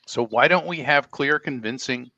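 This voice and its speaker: A man's voice: medium pitch, normal speed, muffled recording, noisy background. A middle-aged man co-hosting a casual podcast chat, wordy and stumbling, repeating himself. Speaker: podcast co-host.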